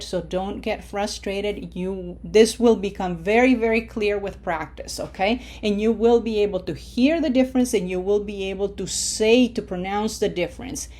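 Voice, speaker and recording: A woman teaching a recorded language lesson, modeling words clearly for repetition and checking in with frequent "okay?" prompts. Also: mid-range voice, dark tone. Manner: slow, deliberate, checks in with "okay?". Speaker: Spanish teacher.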